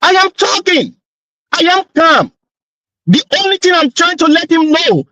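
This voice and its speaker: A man's voice: very high voice, very animated, a little slow, bright, forceful tone, dry recording, poor audio. A man arguing insistently as a panelist in a heated online discussion. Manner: insistent, indignant.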